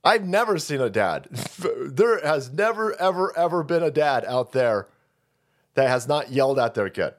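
In a sing-song voice at normal speed, a man hosts a political stream, ranting crudely and mocking people along the way. Now and then he leaps into high, taunting voices.

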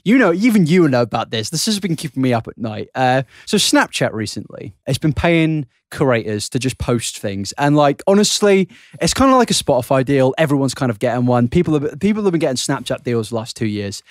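A man's voice: mid-range voice, very animated, a little fast, few pauses, no echo, clean studio sound. A young man co-hosting a podcast, rambling through crude jokes with lots of giggling. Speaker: podcast co-host. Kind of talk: casual comedic podcast chat.

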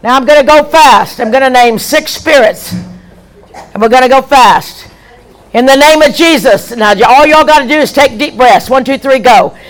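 A high-pitched woman evangelist runs a deliverance prayer session at normal speed, calling out forceful, frequently shouted commands. She leads the audience in call-and-response in a large meeting hall, with some chatter in the background.

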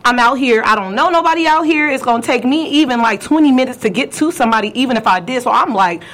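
Lively young woman telling a story. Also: fast talker. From California. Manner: animated, acts out quotes with big pitch jumps. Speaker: podcast host. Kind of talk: casual storytelling chat.

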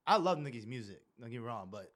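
A man's voice: mid-range voice, big pitch swings, a bit bright. A man co-hosting a casual podcast chat, asking questions and teasing the others. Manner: questioning, teasing, quick to laugh. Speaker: podcast co-host.

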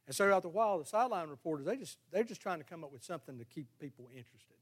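A male pastor, preaching a sermon in a folksy, storytelling way that builds to loud, fervent exhortation. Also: on the high side, animated, very fast, hardly any pauses.

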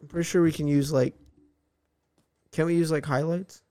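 Excitable young man rambling in casual chat. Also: on the high side, normal speed, no room sound, clean studio sound. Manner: excitable, rambling, heavy use of "like". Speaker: podcast co-host.

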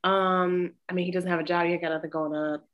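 A woman's voice: fairly low pitch, level tone, fast, highs cut off. A woman co-hosting a casual chat, blunt and swearing freely as she recaps a story.

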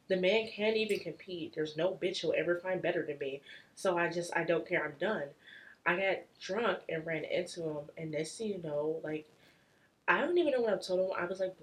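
A woman's voice: fairly low pitch, moderate pace, poor audio. A young woman in casual podcast chat, candid and crude, telling stories with lots of "like". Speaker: podcast co-host.

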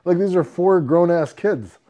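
A man co-hosting a casual podcast tells a rowdy story, animated and profane, swearing a lot and laughing as he goes. His voice sits high and his pace is a little slow.

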